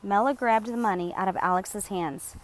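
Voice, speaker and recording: A woman narrating a chapter of an audiobook in a steady, measured storytelling voice. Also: mid-range voice. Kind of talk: scripted narration.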